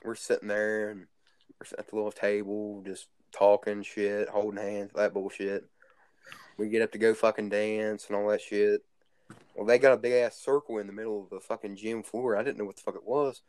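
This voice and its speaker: A man's voice: lowish voice, flat delivery, brisk, a little mellow, clean tone, no room sound. A teenage boy telling rambling stories in casual chat, crude and swearing constantly. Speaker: guest storyteller.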